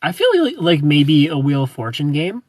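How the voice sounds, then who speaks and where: A young man hosts a livestream, reading out comments and greeting viewers by name between bursts of giggling. His voice sits a little high and sounds slightly husky. The sound is dry, with the mic set a short way off. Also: huge pitch swings, normal speed, a little mellow, no room sound, far from the mic. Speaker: livestream host.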